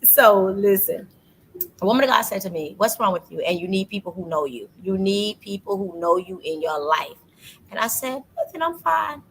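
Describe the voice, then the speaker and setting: A woman hosting a casual faith talk, telling a personal story with lively energy and acting out what people said to her. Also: medium pitch, a little fast, a little hiss or hum, low-quality recording. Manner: animated storytelling, acts out quoted voices. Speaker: podcast host. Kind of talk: casual faith testimony chat.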